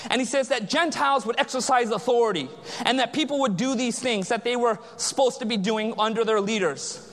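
A man's voice: very high-pitched, a little fast, fairly bright tone. A man preaching a sermon as pastor, quizzing the congregation with call-and-response questions. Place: large church sanctuary. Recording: long church reverb.

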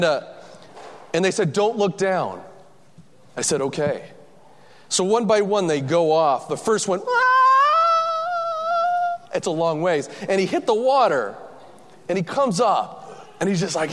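A man telling a lively, self-mocking personal story to an audience, acting out the voices of the people in it. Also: fairly high pitch, big-room sound.

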